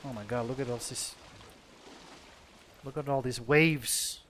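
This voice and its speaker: Profane, joking young Finnish gamer. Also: male voice, medium pitch, fairly even intonation, measured pace, fairly bright tone, a little hiss or hum. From Finland. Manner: swears freely, joking self-talk, talks to his character. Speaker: let's play gamer. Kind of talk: casual gameplay commentary.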